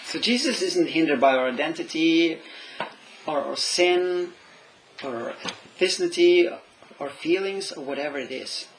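A man with a slightly high, gravelly voice preaches a sermon in English, which is not his first language. He talks thoughtfully, stops to search for words and asks his listeners questions. A faint room ambience sits behind him. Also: a little slow, slight background noise, low-quality recording.

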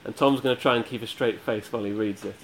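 A man's voice: fairly low pitch, steady tone, fast talker. Male preacher, earnest sermon delivery, emphatic repetition, faint room noise. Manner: earnest, emphatic with repeated phrases.

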